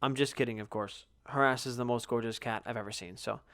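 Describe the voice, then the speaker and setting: A young man hosting a solo podcast, telling stories in a profane, animated way, sometimes sleepy and yawning. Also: mid-range voice, a little fast, clean tone. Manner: profane, animated storytelling with loud outbursts. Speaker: podcast host. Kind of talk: casual solo podcast monologue.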